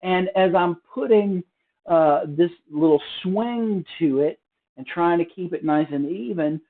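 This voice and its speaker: A man's voice: high-pitched, measured pace. Man teaching drums over a tinny line. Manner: relaxed, explanatory, with many fillers and restarts. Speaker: drum teacher. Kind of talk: casual spoken drum lesson. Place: hotel room. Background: drum practice pad.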